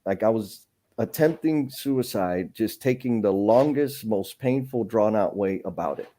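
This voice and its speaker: A man with a fairly low, warm, mellow voice hosts a live stream conversation. He talks candidly and earnestly, often restarting his sentences as he thinks aloud. His tone stays reflective and conversational. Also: lively intonation, a little slow. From San Antonio, Texas.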